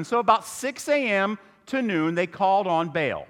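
A man's voice: high-pitched, normal speed, hardly any pauses, big-room sound. A man preaching a humorous sermon as pastor, telling the story with jokes and asides. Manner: animated, joking storyteller. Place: church sanctuary.

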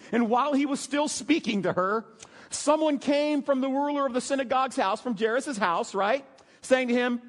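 A man preaching a sermon, telling a scripture story in an animated way, dropping to hushed emotional tones at key moments. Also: extremely high pitch, normal speed. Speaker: pastor. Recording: long hall reverb.

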